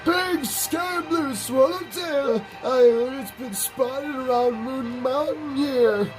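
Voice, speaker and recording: A man voicing an excitable game villager, reading the lines slowly in a high, wide-eyed tone. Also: low-quality recording. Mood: excited. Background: game music.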